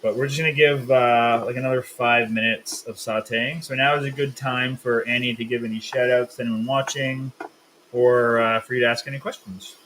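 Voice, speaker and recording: A man's voice: medium pitch, steady tone, moderate pace, fairly bright tone, a little hiss or hum, low-quality recording. A man hosting a live cooking stream, explaining steps and teasing his co-host in a casual, joking way. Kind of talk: casual live cook-along chat.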